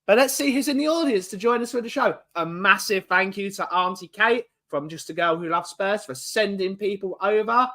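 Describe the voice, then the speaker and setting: A man's voice: high voice, normal speed, few pauses, sharp tone. A man hosting a casual live-stream chat from home, greeting viewers in the chat one by one. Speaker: livestream host.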